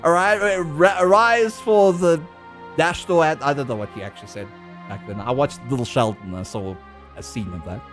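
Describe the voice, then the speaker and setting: A man's voice: fairly high pitch, moderate pace, faint music behind. A young South African man streaming a game, ranting in casual, profane, laughing chat. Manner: animated, profane, laughing rants.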